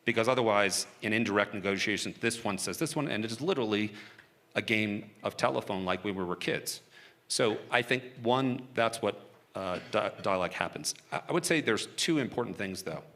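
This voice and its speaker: Low-voiced guy on a panel, punchy and bright, chats frank and loose with lots of restarts. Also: a little hiss or hum. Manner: casual, frank, chuckling, with frequent restarts. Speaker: government hostage negotiator. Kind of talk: onstage panel interview.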